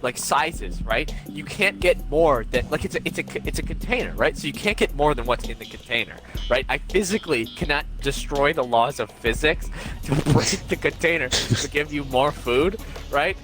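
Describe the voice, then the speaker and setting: A young man co-hosting a podcast, telling stories in a casual, animated way and acting out what people said. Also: on the high side, normal speed, few pauses, over music. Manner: animated storytelling, acts out quotes. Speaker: podcast co-host. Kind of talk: casual chat.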